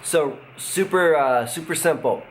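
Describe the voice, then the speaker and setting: A middle-aged man, a pastor, giving a casual devotional talk in a relaxed, conversational way, with fillers and chuckles. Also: on the high side, a little slow. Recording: faint background noise.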